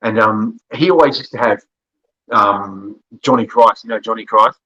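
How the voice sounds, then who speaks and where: Easygoing Australian man with a husky voice. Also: fairly low pitch, normal speed, pushed and bright, dull audio. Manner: rambling storyteller, laughs often, self-corrects. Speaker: podcast guest. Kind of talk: casual conversation.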